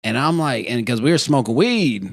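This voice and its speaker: A man's voice: mid-range voice, very animated, normal speed, gravelly, no echo. A man talks about his prison years in a loose, slangy, easygoing way, laughing along as he goes. The recording is dry and close, with no room sound. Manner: laid-back, slangy, laughs often. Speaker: guest, former prisoner turned entrepreneur. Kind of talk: casual interview chat.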